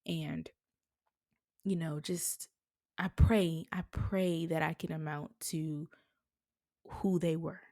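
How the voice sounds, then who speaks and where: Gravelly-voiced woman, earnest podcast host. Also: low voice, fairly even intonation, slow pace, long pauses, mellow, dry recording, clean studio sound. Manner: earnest and encouraging, speaks of prayer with feeling. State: emotional, near tears. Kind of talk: heartfelt faith-based podcast monologue.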